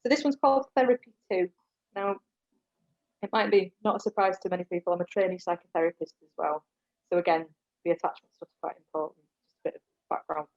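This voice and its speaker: A woman's voice: on the low side, a little fast, long pauses, a little mellow. Poet woman reading verse, lo-fi sound. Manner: rhythmic poetry reading, chatty and self-mocking in conversation. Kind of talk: reading poems and casual chat. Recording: dull lo-fi recording.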